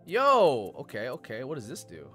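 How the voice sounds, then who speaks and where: Lively, excitable man streaming a game. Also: on the high side, moderate pace. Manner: excitable, chatty, loud outbursts then mumbling. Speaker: gaming streamer. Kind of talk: live gameplay stream chat. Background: faint game music.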